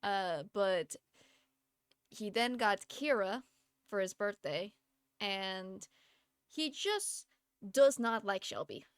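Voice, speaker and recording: A woman's voice: mid-range voice, animated, takes it slowly, pauses often, smooth, no echo, studio quality. A young woman streaming a game from home, chatting in a rambling way and laughing often. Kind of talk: casual chat while gaming.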